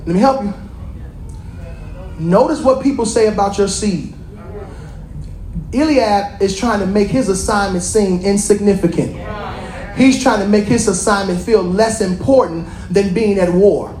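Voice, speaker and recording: A preacher giving a lively, colloquial sermon, repeating phrases and calling out to the congregation. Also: mid-range voice, measured pace, pauses often, echoey room.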